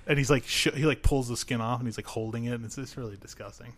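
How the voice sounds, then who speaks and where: A man's voice: medium pitch, steady tone, fast, fairly bright tone. A man on a podcast reviewing a film in casual chat, rambling with lots of fillers and swearing. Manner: rambling, profane, many fillers, laughs often.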